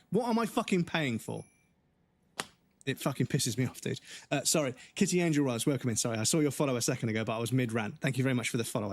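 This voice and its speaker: A man in his forties, a livestream gamer ranting casually with anger and frequent swearing, his voice going hoarse. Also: mid-range voice. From United Kingdom. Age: 40s. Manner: angry, swearing, halting restarts.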